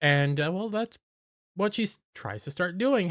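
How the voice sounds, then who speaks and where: A man's voice: sits high, expressive, unhurried, a bit bright, no room sound, clean studio sound. A man giving a casual, enthusiastic episode recap as an anime reviewer, often stumbling over his words.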